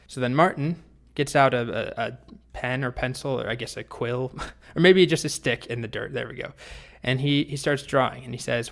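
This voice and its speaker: A male programming instructor with a mid-pitched voice speaks at a normal speed in a relaxed, chatty manner, occasionally restarting his phrases. His delivery fits a lesson told as a story.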